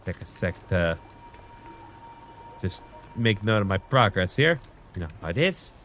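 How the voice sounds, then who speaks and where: A man with a fairly low voice gives live commentary while he plays a game. He talks in a relaxed way and half mutters to himself as he goes. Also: unhurried, faint music behind. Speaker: streamer.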